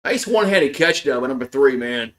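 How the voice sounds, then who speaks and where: Fairly quick and mid-range in pitch, this fan commentator calls a game live, cursing excitedly, muttering complaints one moment and yelling over big plays the next.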